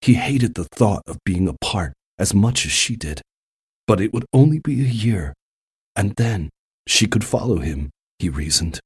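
A man narrating a romantic story at a calm, steady pace. His voice is low and noticeably husky, with a breathy texture throughout. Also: a little slow. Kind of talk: scripted narration.

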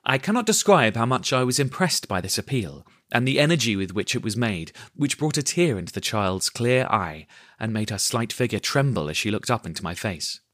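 Expressive man narrating a storybook. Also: on the low side, brisk, dry recording, clean studio sound.

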